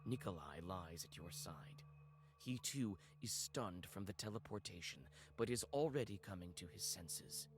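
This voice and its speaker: A man narrating a dark story in second person in a measured, atmospheric manner. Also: low voice, expressive.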